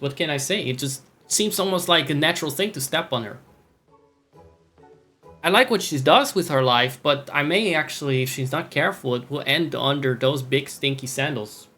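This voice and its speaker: A man's voice: fairly high pitch, moderate pace, bright, forceful tone, soft background music. A man streaming a game, rambling through jokey, self-mocking commentary. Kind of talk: gameplay commentary.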